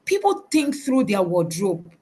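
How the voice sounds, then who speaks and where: A woman's voice: mid-range voice, big pitch swings, measured pace, dark tone, slightly rough. Woman, faith-based motivational talk, emphatic, preacherly, video call audio. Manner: emphatic, repeats key words, preacherly. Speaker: motivational speaker.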